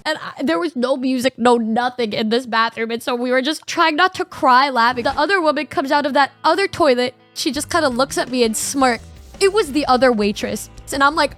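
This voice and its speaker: A young woman streamer casually telling a story, excitable and laughing often, with lots of slang. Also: sits high, fairly quick, music in the background. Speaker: VTuber streamer.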